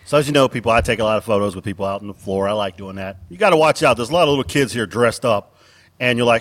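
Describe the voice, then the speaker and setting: A middle-aged man with a husky voice, telling jokey stories in casual banter at a convention. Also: medium pitch, rapid-fire. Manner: jokey, animated storyteller. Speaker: convention guest voice actor. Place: busy convention floor.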